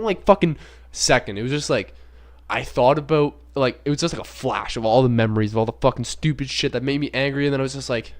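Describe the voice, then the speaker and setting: A young man hosting a podcast, talking casually in a rambling, profane way with many filler words. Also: medium pitch. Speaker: podcast host. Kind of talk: casual unscripted monologue.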